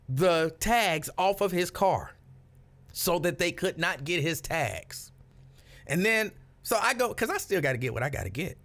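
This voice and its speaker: A man hosting a live stream, chatting with viewers and telling a story in an animated, casual way. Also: high-pitched. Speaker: livestream host.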